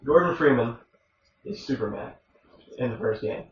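A man's voice: mid-range voice, animated, normal speed. Rambling man on a roomy, distant lo-fi mic. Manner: rambling, self-interrupting, exasperated at interruptions. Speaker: podcast host presenting a game review. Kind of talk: casual chat. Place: room shared with two co-hosts on a live stream. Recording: roomy, distant, dull lo-fi mic with faint noise.

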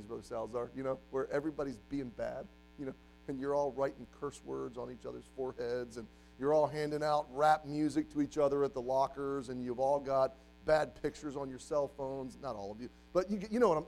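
A man in his forties preaching a sermon as a youth pastor, animated, acting out the voices of doubters and the devil. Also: on the high side, rough recording.

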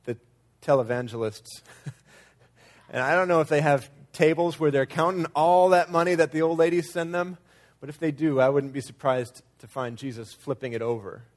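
A man's voice: on the high side, steady tone, normal speed. A man preaching a sermon in a conversational way, sometimes acting out quoted lines with changing emphasis. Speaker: pastor.

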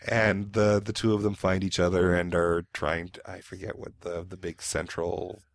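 Deep-voiced man rambling about movies. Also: level tone, vocal fry, no echo, studio quality. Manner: rambling, halting, with many fillers. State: hungover. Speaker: podcast co-host. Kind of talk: casual movie review chat.

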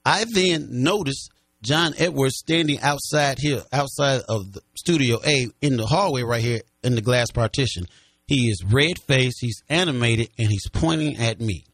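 A man of middle pitch recounts a personal story in an interview. He tells it vividly and acts out the lines of the people in it. The recording is dry and close, with no room echo. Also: normal speed, a bit bright. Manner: vivid storyteller who acts out what others said.

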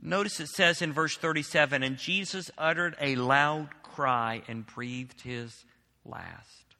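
A male pastor preaches a sermon, reading scripture aloud and then explaining it with emphasis. His voice is very bright and a little higher than most men's. It rings out with the long reverb of a large hall. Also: takes it slowly.

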